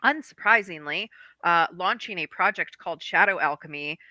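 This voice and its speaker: A woman co-hosting a spiritual podcast, talking in an excited, effusive casual chat. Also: lowish voice, moderate pace, no room sound. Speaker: spiritual guide and co-host.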